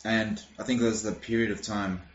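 A young Australian man talks in a relaxed, rambling way, animated and swearing freely. His voice sits on the low side. The recording is roomy and a little dull, with faint noise behind. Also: brisk. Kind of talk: casual chat.

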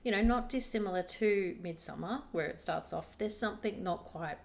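A woman's voice: medium pitch, moderate pace, gravelly, darkish tone, a little hiss or hum. A woman co-hosting a casual podcast chat, rambling and restarting as she tells stories. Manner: rambling, restarts often, plain storytelling. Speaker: podcast co-host.

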